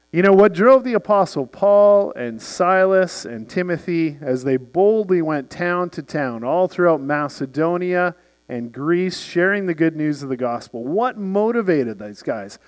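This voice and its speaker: A man in his forties, a pastor, preaching a sermon and telling lively stories with acted-out voices. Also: on the high side. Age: 40s. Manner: storytelling, acts out characters in the anecdote.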